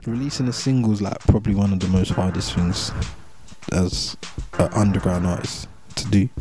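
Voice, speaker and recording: He's a young English man and a rapper, with a low-pitched voice at normal speed. In a laid-back interview chat he uses a London street accent and lots of slang, repeating himself, while music plays underneath.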